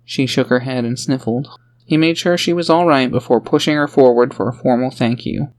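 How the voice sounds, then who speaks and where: A man's voice: mid-range voice, fairly quick. A man reading a fantasy audiobook aloud in a plain storytelling voice. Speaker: audiobook narrator. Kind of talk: audiobook narration.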